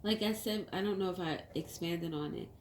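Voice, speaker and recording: Low-voiced woman talking in an echoey room. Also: normal speed. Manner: rambling, heartfelt, tearful at times. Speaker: tarot reader. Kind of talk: casual monologue to camera. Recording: echoey room, faint background hum.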